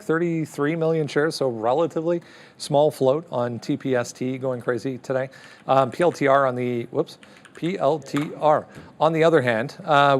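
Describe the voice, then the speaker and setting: A man at the news desk of a live trading stream, giving a casual rundown of stock news with many fillers. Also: mid-range voice. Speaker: market news desk presenter. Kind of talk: casual market news update.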